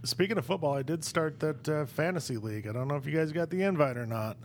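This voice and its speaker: A man's voice: on the high side, expressive, fast, a little hiss or hum. A man co-hosting a casual podcast, speaking in a laid-back, offhand way. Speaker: podcast co-host. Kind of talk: casual chat.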